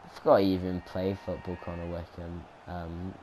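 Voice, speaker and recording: A man's voice: low-pitched, level tone, normal speed, a little mellow, rough recording. A young man casually commentating his football game footage, rambling and chatty with many ums and restarts. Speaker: gaming commentator. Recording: noticeable background noise.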